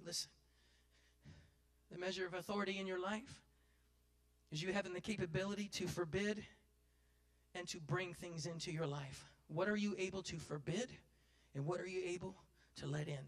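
A male pastor preaching a sermon in a folksy way, building to loud impassioned cries. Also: high voice.

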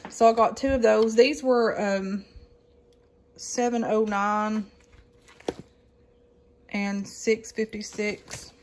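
A woman's voice: mid-range voice, fairly even intonation, slow, long pauses, slight background noise. A woman, casually chatting through a grocery haul with lots of ums and folksy asides. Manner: rambling with many ums, folksy Southern-style exclamations. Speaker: vlogger showing a grocery haul. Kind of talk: casual chat.

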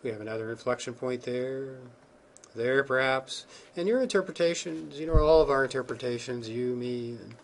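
A man's voice: medium pitch, moderate pace, gravelly. A man giving a recorded geophysics lecture over slides, informal and thinking aloud, with many ums and restarts.

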